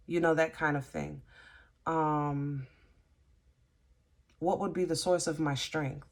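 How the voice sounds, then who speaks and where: A woman giving a casual tarot reading, halting and gently reassuring, often restarting her sentences. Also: low-pitched, fairly even intonation. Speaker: tarot reader.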